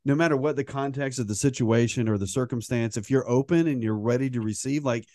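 A man's voice: mid-range voice, fairly quick, warm tone, no echo, clean studio sound. A middle-aged man co-hosting a podcast, talking in a chatty, joking way. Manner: chatty and joking, with frequent restarts and laughs. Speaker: podcast co-host. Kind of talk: casual conversational podcast chat.

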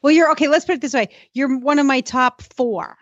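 A woman hosting a casual radio talk show in a somewhat high voice, cheerful and teasing. The sound is dry and close, with a dull lo-fi quality. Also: a little fast. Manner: cheerful, teasing, laughs often. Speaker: show host.

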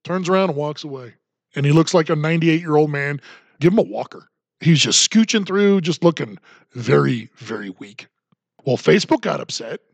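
A man's voice: fairly high pitch, lively intonation, moderate pace, gravelly, no echo. A man hosting a solo commentary podcast, talking in a sarcastic, ranting way. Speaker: podcast host.

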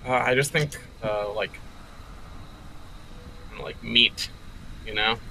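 A man's voice: mid-range voice, slow, creaky, sharp tone, a little hiss or hum, poor audio. A man playing a tabletop game, talking casually and hesitantly with fillers. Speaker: player.

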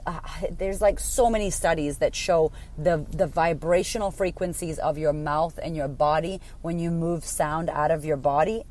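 A woman's voice: low-pitched, darkish tone. A woman in her thirties hosting a casual solo podcast as a coach, blunt and emphatic, swearing freely.

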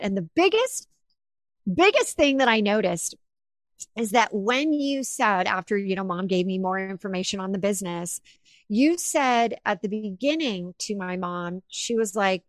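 Animated woman host, dry close sound. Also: medium pitch, measured pace, no room sound. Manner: animated, retells quotes in lively bursts. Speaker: podcast host. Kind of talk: emotional interview storytelling. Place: home office with windows.

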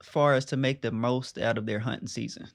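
A man's voice: mid-range voice, fairly even intonation, fairly quick, gravelly. A man hosting a casual podcast interview, easygoing and asking short questions. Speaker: podcast host.

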